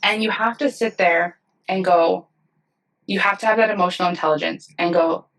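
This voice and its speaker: Thirties woman, nurse leader, earnest storyteller, lowish voice, a bit off mic. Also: normal speed, fairly bright tone, recorded from a distance, poor audio. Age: 30s. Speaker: director of nursing, podcast guest. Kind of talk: conversational podcast interview.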